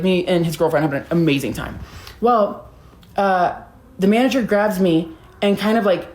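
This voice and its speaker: A woman's voice: mid-range voice, a little mellow. A woman casually telling a personal story in a chatty way, full of fillers and swearing. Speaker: storytime vlogger. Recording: roomy echo.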